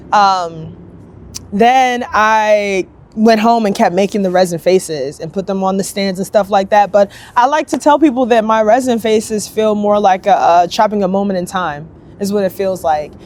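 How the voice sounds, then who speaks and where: A young woman sculptor telling her story in a casual, upbeat interview, chatty and lively, acting out other people's lines as she goes. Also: medium pitch. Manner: chatty, upbeat, quick bursts, acts out quoted voices.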